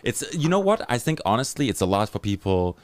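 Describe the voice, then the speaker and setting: A man's voice: mid-range voice, sing-song, brisk, no room sound. A man with a German accent hosting a live podcast, reading sponsor spots and chatting with a guest in an upbeat, hyping way. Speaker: podcast host. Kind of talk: live podcast chat and read ads.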